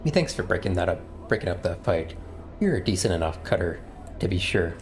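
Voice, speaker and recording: A man's voice: low voice, very animated, fairly quick, darkish tone, slight background noise. A man reading the lines of a grateful young woman from a game in a plain read-aloud manner.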